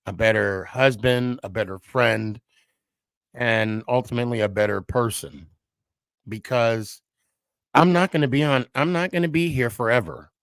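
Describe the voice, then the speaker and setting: Slow, halting man, reflective. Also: medium pitch, fairly bright tone, no echo. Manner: halting and heartfelt, with frequent restarts and pauses. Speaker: podcast host. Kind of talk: personal reflective monologue.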